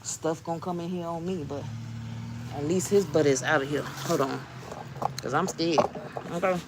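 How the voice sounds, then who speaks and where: A woman's voice: low-pitched, fairly even intonation, moderate pace, background noise. A woman vlogger talking casually to her viewers, chatty and jumpy, laughing often as she frets.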